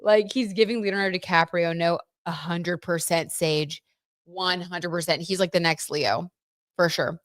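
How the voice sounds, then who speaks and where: Chatty young woman, low voice. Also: steady tone, unhurried, dry recording, studio quality. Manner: chatty, gossipy, lots of "like" and "you know". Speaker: livestream host reading tarot and celebrity gossip. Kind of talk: casual livestream chat.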